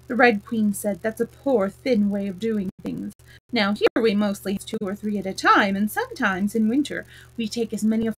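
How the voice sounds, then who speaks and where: A woman's voice: normal speed, breathy edge, low-quality recording. A woman reading a children's classic aloud as a storyteller, raising her voice for the characters' lines. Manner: lively read-aloud, voices the queens higher and louder.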